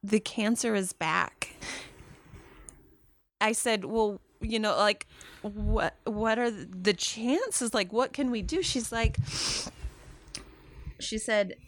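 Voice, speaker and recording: A woman telling a painful family story in a slow, halting way. Her voice has a gravelly edge. The recording is dry and close. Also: mid-range voice, no room sound. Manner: slow, halting retelling with quoted dialogue. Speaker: guest, mother. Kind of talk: emotional personal story.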